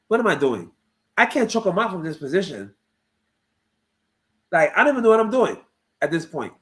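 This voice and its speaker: A man who fights in MMA, talking his livestream chat through footage of his own fight with repetitive, excitable play-by-play. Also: on the high side, low-quality recording.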